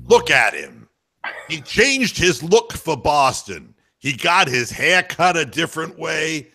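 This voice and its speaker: A grumpy old sports announcer rants in a raised, higher voice, slowing down to savour each bitter, profane line, as a radio host puts him on. The tone is bright and the pitch swings widely. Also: male voice, sing-song, creaky, full character voice. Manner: profane, bitter, slow mock lament. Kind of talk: comic impression on talk radio.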